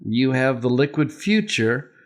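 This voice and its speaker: A man's voice: medium pitch, big pitch swings, unhurried. A man teaching a verse-by-verse Greek grammar lesson, methodical and asking rhetorical questions as he explains.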